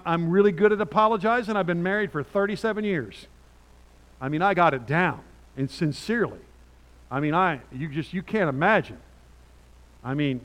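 An older man preaching a sermon to his church, animated and rising to loud peaks as he reads scripture aloud. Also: high voice. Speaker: pastor. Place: church sanctuary. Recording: church hall with long reverb.

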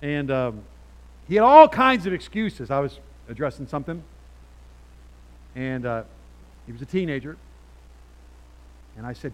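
A middle-aged man preaching a sermon as pastor, animated and chatty, dropping to quiet asides and then getting loud. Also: medium pitch, measured pace, long pauses, poor audio.

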